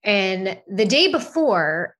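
Thirtyish woman on a podcast, middle pitch, super candid, swears, says like a lot. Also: big pitch swings, takes it slowly, a bit bright. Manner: candid, swears casually, many "like" fillers. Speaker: podcast co-host. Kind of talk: casual chat, personal storytelling.

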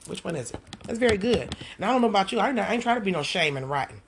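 A woman teaching a Bible passage at home in an animated, conversational way, talking straight to her listeners. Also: medium pitch, racing, slight background noise. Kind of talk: casual devotional teaching.

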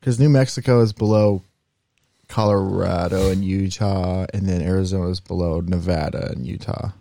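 A young man co-hosting a podcast, telling stories in a rambling, animated way. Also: sits low, moderate pace, gravelly, a little hiss or hum. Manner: rambling, animated storytelling with demo voices. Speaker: podcast co-host. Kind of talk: casual chat.

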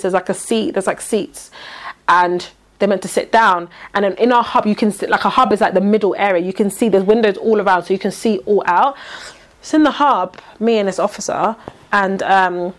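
A woman's voice: mid-range voice, normal speed. A young woman, casually telling a story and acting out the voices of the people in it. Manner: animated storyteller, acts out quoted lines, British slang.

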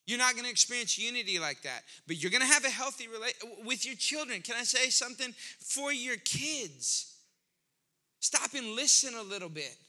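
Bright-voiced, high-pitched male preacher. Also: moderate pace. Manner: conversational, animated preaching with rising emphasis. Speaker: pastor. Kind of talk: sermon.

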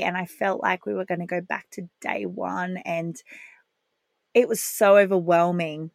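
A woman's voice: lowish voice, steady tone, unhurried, gravelly, no room sound. Candid mum telling her story. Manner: candid, heartfelt, laughs while recalling. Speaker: parenting podcast host. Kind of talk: personal storytelling podcast.

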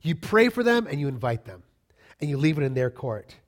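A man's voice: fairly high pitch, very animated, a little fast. A middle-aged man preaching a sermon as a pastor, conversational and emphatic, repeating key phrases and joking casually with the congregation.

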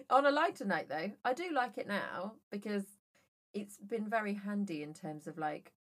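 A woman's voice: mid-range voice, expressive, a little slow. A woman co-hosting a casual podcast chat, telling jokey stories with plenty of swearing. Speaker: podcast co-host.

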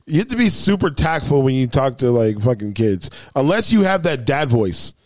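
A man's voice: mid-range voice, big pitch swings, moderate pace, a little mellow, no room sound. Dry-sounding man in loose podcast banter. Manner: laughs often, talks in loose restarts. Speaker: podcast co-host. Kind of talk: casual chat.

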